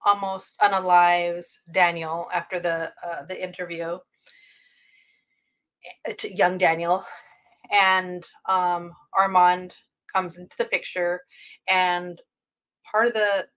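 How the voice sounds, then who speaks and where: A woman's voice: mid-range voice, a bit bright. A woman hosting her own review channel, chatting casually about a TV episode in a rambling way, with lots of fillers and self-corrections. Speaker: book and TV review channel host.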